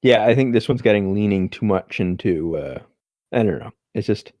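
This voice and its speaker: A man co-hosting a podcast, talking in a halting, hesitant way. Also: fairly low pitch, expressive, darkish tone, no echo. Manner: hesitant, many fillers and restarts. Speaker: podcast co-host. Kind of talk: casual chat.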